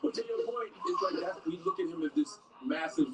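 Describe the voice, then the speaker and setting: A man hosting a podcast, talking in quick casual conversation. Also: very high-pitched, big pitch swings, vocal fry, fairly bright tone. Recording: roomy and distant.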